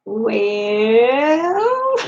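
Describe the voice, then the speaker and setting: A woman with a high, slightly husky voice, spinning folksy childhood stories in a chatty way. The recording sounds dull and lo-fi. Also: sing-song, extremely slow, a little mellow. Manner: folksy, chatty, laughs at her own stories. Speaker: vlogger. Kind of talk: casual storytelling.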